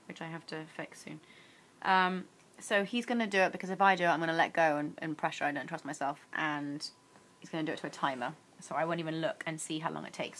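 A woman's voice: low-pitched, fairly bright tone. A young woman chatting casually on her daily challenge vlog, teasing her husband and giggling a lot. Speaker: vlogger.

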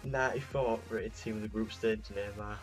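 Understated male gamer, lowish calm voice. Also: moderate pace, faint music behind. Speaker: gamer reacting to pack opening.

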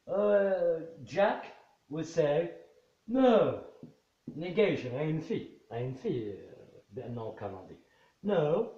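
In this bilingual classroom lesson, a man with a fairly high, slightly mellow voice teaches English, patiently going over phrases again and translating into Arabic. The recording sounds roomy and a bit dull.

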